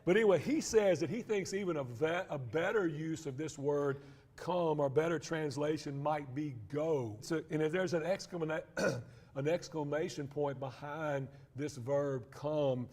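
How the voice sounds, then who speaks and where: A man's voice: on the high side, moderate pace, darkish tone. A man teaching a church Bible class in a conversational way, with frequent restarts and asides.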